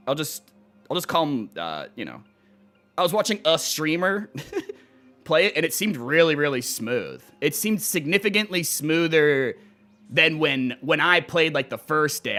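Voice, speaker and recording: Young man, live-stream chatter, animated pitch swings, crisp bright tone, faint music underneath. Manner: animated, swears freely, rambling. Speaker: livestreamer. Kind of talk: casual live-stream chat.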